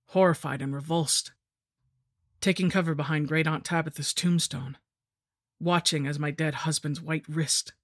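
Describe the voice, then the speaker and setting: A woman narrating a first-person gothic horror story in a measured, dramatic storytelling manner. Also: sits low, dry recording, clean studio sound.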